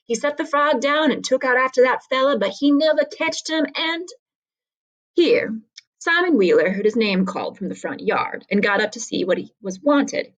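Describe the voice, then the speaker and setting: A woman's voice: high-pitched, expressive, moderate pace, rough recording. Casual woman reading a story aloud. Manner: casual and conversational. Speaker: reader.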